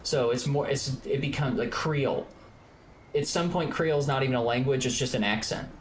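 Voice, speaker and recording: A man from Georgia chatting casually on a gaming stream, his voice sitting at an ordinary middle pitch. He rambles and gets excitable, padding his sentences with filler words. A faint noise runs underneath. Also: fairly quick. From Georgia, US South. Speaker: streamer, co-host.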